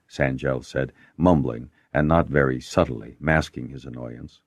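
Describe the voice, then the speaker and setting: Deep-voiced man narrating a fantasy audiobook. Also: a little slow, hardly any pauses, slightly rough, dry recording. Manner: voices many characters with lively pitch shifts.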